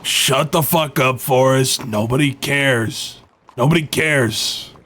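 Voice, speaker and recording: A man doing a gruff cowboy. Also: medium pitch, slow, a bit bright. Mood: irritated. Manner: snapping, dismissive.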